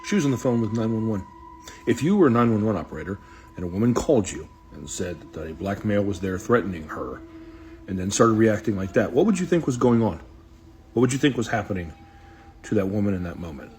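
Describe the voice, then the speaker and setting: A man with a low voice argues a point with rhetorical questions, his pitch swinging up and down as he presses it. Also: expressive, brisk, darkish tone. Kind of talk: explanatory commentary.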